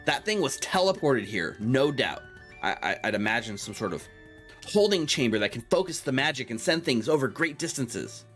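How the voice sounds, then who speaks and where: A man voicing a sweaty, red-haired male wizard who is out of breath, awkward at parties and stammering with excitement. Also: mid-range voice, normal speed, faint music behind. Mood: excited.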